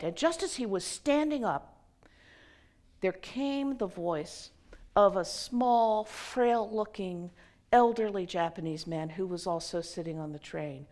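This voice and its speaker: A woman minister telling a story in a sermon, measured, sometimes dropping to a hushed near-whisper. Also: medium pitch.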